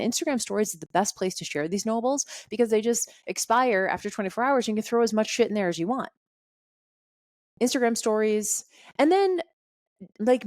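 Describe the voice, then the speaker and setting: A woman's voice: medium pitch, darkish tone, dry recording. Chatty woman podcast host with a dry, close sound. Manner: chatty and candid, with frequent "like" fillers and casual swearing. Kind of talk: solo podcast talk, casual and conversational.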